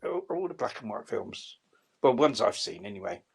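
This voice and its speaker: A man's voice: medium pitch, very animated, normal speed, gravelly, breathy edge. An older man chatting casually as a co-host, rambling with many restarts and laughs. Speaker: radio co-host. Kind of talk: casual chat.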